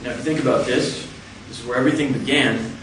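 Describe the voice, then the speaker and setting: A man giving a lecture, explaining step by step in a measured way. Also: medium pitch, fairly even intonation, a bit bright, a little hiss or hum. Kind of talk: explanatory talk. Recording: echoey hall, from far off.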